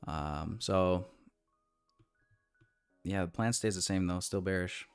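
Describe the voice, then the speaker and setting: A man's voice: sits low, slow pace, clear, resonant tone, soft background music. A man giving casual live trading commentary in a laid-back, slangy way with lots of fillers. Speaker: day trader streamer.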